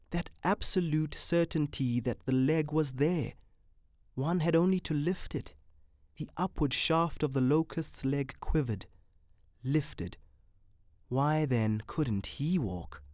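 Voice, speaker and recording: A narrator reading literary fiction with a measured, storytelling delivery. The pitch moves freely and expressively through each sentence, and the voice is recorded close and dry with no room sound. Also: a little mellow, no echo.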